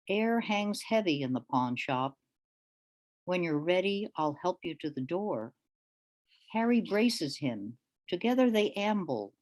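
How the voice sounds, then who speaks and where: Slow, low-voiced woman reading poetry. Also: a little mellow. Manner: deliberate, measured delivery with pauses between lines; hesitant, with fillers, when speaking off the page. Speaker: featured poet.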